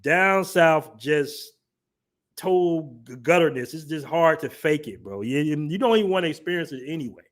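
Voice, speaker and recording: A man's voice: fairly high pitch, expressive, normal speed. A man hosting a casual livestream, reading chat comments aloud and laughing through his commentary. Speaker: livestream host.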